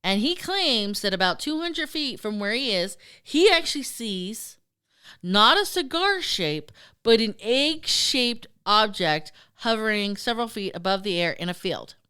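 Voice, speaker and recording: Woman podcast host, bright and smooth, swings her pitch a lot, swears freely. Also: unhurried. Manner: animated, profane, acts out quoted voices. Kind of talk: casual storytelling chat.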